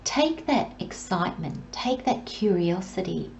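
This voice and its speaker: Slow, gentle woman reading tarot. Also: lowish voice, big pitch swings, gravelly, reverberant, dull audio, slight background noise. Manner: slow, gentle, soothing delivery with drawn-out pauses; drops into soft near-whispers. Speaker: tarot reader. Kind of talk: pick-a-card tarot reading.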